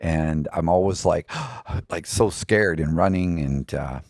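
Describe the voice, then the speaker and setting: Very deep gravelly man musing. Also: measured pace, a little mellow, no echo, studio quality. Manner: musing, frequent "you know" fillers. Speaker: podcast guest, counsellor. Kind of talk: reflective conversational storytelling.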